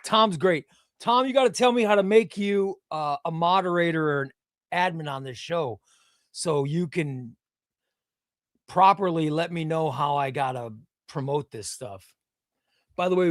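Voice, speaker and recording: Sitting in a home room full of comic shelves, a man with a fairly high-pitched voice chats casually on a comics livestream. He rambles, repeats words and answers chat. The sound is clean, studio quality, with no room sound.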